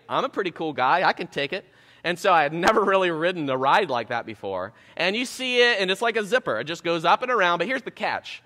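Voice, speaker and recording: A man preaching a sermon as pastor, telling a self-mocking story in an animated way before turning to scripture. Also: sits high, big-room sound. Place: church sanctuary.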